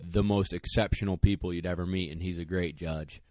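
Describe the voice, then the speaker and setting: Deep-voiced guy hosting a chat, tells stories and laughs, dry close sound. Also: fairly even intonation, brisk, darkish tone, no echo. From northern United States. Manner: storytelling, laughs as he talks. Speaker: podcast host. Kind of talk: casual chat.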